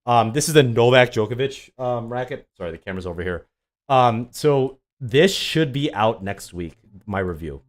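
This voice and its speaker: A man's voice: mid-range voice, expressive, normal speed. A young man chatting casually on a livestream, sarcastic and rambling with lots of ums, answering viewers. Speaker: tennis YouTuber streaming live.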